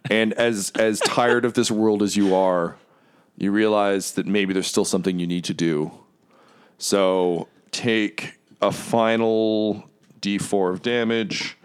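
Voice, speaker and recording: A man's voice: fairly low pitch, steady tone, takes it slowly, clean tone. A man narrating as game master in a loose, rambling way, full of fillers.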